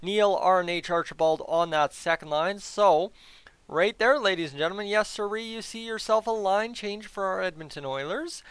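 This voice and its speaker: A chatty man previewing a hockey game, talking straight to his viewers with easy energy. His voice sits high and comes through clean and smooth, close on the mic in a dry room. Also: moderate pace, a bit bright, dry recording. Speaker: hockey YouTuber. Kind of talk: casual game preview commentary.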